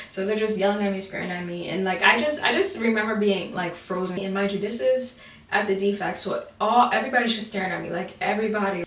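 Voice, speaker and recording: A woman's voice: medium pitch, fast talker, fairly bright tone. A young woman telling a casual storytime, chatty and full of "like", talking through her teeth with an overbite. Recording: roomy, distant mic.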